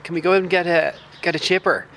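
A man's voice: fairly high pitch, fairly even intonation, fast, gravelly, a bit bright, slight background noise, pitched above the performer's own voice. A young man from West Dublin putting on the voice of a chummy, carefree posh South Dublin young man with a lilting, upper-crust drawl. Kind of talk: acted impression in a radio interview.

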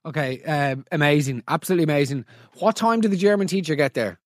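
Male podcast host, high voice, dry close sound, incredulous ranting roast delivery. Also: quick pace, no echo. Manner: incredulous, ranting, swears freely. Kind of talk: comedic roast chat.

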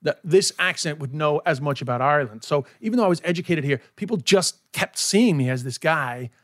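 Fast-talking American man, frank podcast guest. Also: a little high, animated, a bit bright, no room sound, studio quality. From New York, USA. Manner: frank, self-mocking, swears freely. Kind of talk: candid casual chat.

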